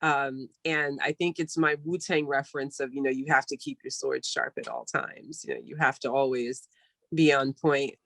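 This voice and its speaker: A woman hosting an interview, reading out questions in a relaxed way with many hesitations. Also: extremely low pitch, normal speed, gravelly, no room sound. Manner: relaxed, hesitant, lots of ums. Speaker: interviewer host. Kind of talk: video call interview.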